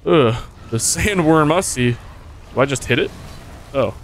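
A man's voice: on the high side, unhurried, slight background noise. A young man streaming a video game, talking casually to his viewers, swearing a lot and yelping when things go wrong. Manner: excitable, swears often, jumps to yelps when hit. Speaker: gaming streamer. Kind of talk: casual gameplay commentary.

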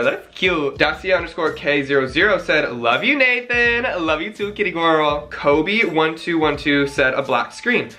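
A man's voice: on the high side, pushed and bright. A young man reading out fan messages in a gushing, dramatic casual chat. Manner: gushing, dramatic, quick gasps and sighs.

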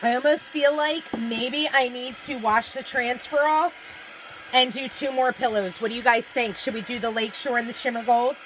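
A woman's voice: a little high, steady tone, normal speed, background noise. A woman hosting a live craft demonstration from home, chatting with viewers and reading their comments aloud. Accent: American. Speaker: craft livestream host.

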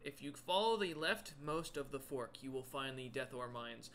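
A man's voice: mid-range voice, steady tone, normal speed, fairly bright tone, a little hiss or hum, natural voice. A man voicing a tall male monster merchant who speaks politely with a lot of hesitation and stammering.

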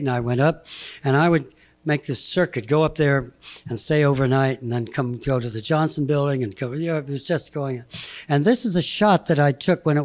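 A man in his eighties giving a halting, anecdotal slide talk, chuckling between memories. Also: on the high side, darkish tone. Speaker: guest speaker presenting slides. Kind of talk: anecdotal lecture.

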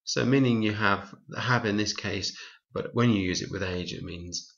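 Gravelly man teaching Spanish. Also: lowish voice, a bit bright. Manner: explains step by step, pauses to correct himself. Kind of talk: slide-based language lesson. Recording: dull, lo-fi recording.

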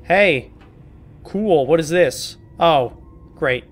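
A gaming video host with a slightly high, expressive voice narrates a horror game playthrough very slowly. He jokes with the characters, swears, and makes mock apologies to them in let's play commentary style.

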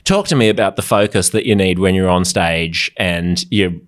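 A middle-aged man hosting a podcast interview, articulate and animated in casual talk. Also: deep voice. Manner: articulate, animated, quick to laugh. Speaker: podcast host.

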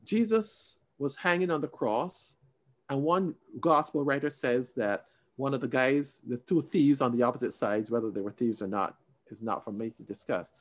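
A man teaching a Sunday school Bible lesson over a video call, expressive and emphatic, shifting between raised stress and quiet asides. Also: medium pitch, moderate pace.

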